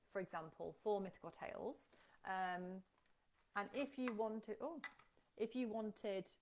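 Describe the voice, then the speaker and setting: A woman hosting a casual live stream, chatting and reading out viewer comments, with frequent ums. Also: medium pitch.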